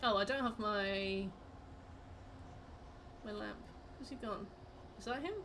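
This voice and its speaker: A woman's voice: medium pitch, slow, fairly bright tone, slight background noise. A woman streaming a game, chatting casually with her viewers in a rambling, playful way. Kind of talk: casual chat while gaming.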